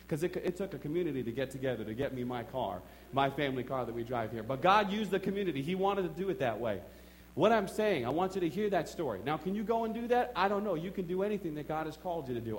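A middle-aged male pastor telling a story from the pulpit in a fairly high voice, shifting between hushed asides and bursts of excitement. A faint hum sits under the recording. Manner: storytelling, emphatic, swings from quiet asides to excited outbursts. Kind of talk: sermon.

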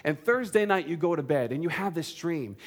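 A man's voice: fairly high pitch, expressive, brisk. A man preaching a sermon, earnest and direct, asking the congregation questions and joking in between. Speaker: pastor.

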